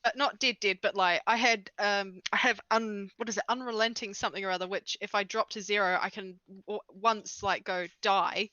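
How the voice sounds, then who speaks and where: A woman playing a tabletop game, chatting casually, animated and quick to laugh. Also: mid-range voice, no echo. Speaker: player. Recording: dull lo-fi stream mic.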